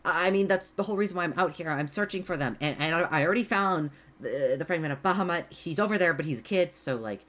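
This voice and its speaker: Flustered young adventurer gal for a tabletop game, stammering, low voice with lots of swing, as a woman plays her. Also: lively intonation, fast talker, hardly any pauses, fairly bright tone. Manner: stammering, many restarts.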